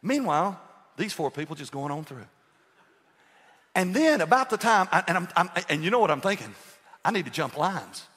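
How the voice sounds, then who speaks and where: An older man preaches to his congregation with lively, humorous storytelling, firing questions at the room. His voice sits slightly high and moves through a wide, expressive range. A long church reverb trails behind every phrase. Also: moderate pace, long pauses, slightly rough. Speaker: pastor. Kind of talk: sermon. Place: church sanctuary.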